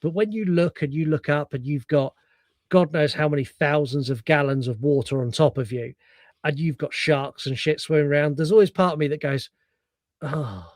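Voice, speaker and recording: A man co-hosting a podcast, chatting casually about a film, animated and profane, acting out lines from it. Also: fairly high pitch, a little fast, no room sound, clean studio sound. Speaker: podcast co-host. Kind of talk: casual film review chat.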